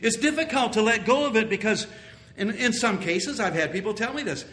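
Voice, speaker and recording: A male pastor preaching a sermon in an earnest, repetitive style. His voice is bright and a touch high, and he now and then rises to loud exclamations. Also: expressive, a little fast.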